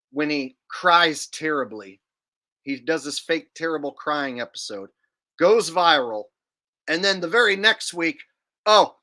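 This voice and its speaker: Bright-voiced joking male streamer. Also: medium pitch. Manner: joking, animated, casual swearing. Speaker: livestream host. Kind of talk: casual livestream chat reading super chats.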